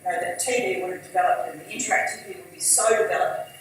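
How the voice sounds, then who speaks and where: A woman giving a conversational conference talk as an industry chief executive; she is losing her voice and keeps clearing her throat. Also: on the low side, lively intonation, rapid-fire, very echoey, far from the mic, poor audio. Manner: conversational, fillers and asides. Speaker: industry body chief executive, guest speaker.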